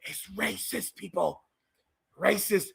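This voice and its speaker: A man's voice: high voice, slow, vocal fry, a bit bright, husky. A man from South Florida hosting a live watch-party podcast, ranting profanely and heatedly over the game. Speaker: podcast host.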